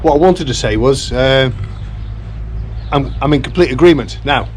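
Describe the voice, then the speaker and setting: A man's voice: mid-range voice, normal speed, a little hiss or hum. A man in his fifties vlogging from his farmhouse renovation, casual and chatty with a lot of slang, mumbling a bit and tailing off at the ends of sentences. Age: 50s. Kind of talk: casual chat to camera. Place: farmhouse under renovation in the countryside.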